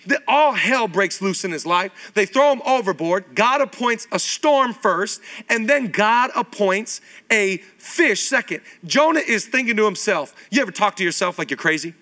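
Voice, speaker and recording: A male pastor in his thirties preaching a sermon, animated, firing rhetorical questions at the congregation. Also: sits high, normal speed, hardly any pauses. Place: church stage.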